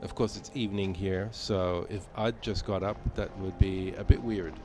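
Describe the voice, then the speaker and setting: A man's voice: sits low, fairly even intonation, moderate pace, over music. A man from Malta chatting casually with viewers while playing a game on a live stream, rambling with many fillers. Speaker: gaming streamer.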